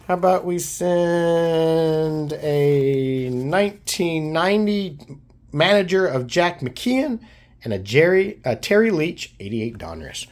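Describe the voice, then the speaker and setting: A hoarse man hosting a card collecting channel, chatting casually and enthusiastically as he opens his mail. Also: high-pitched. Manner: upbeat, enthusiastic, shouts out teams. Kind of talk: casual chat opening mail.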